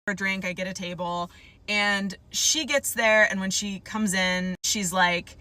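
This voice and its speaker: Bright, chatty woman telling a story. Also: medium pitch, unhurried, rough recording. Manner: chatty, hesitant, considerate. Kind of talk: storytime monologue.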